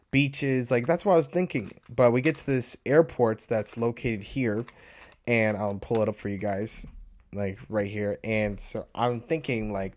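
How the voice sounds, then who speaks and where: A man's voice: fairly low pitch, a little mellow. Young guy rambling thru a travel vlog at home, lots of likes and ums. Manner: rambling, loose, lots of filler words. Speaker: vlogger. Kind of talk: casual travel vlog chat.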